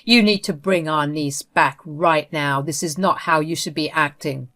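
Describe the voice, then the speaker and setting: A woman's voice: sits low, measured pace, a bit bright. A woman voicing a worried man who pleads urgently with his wife. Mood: pleading.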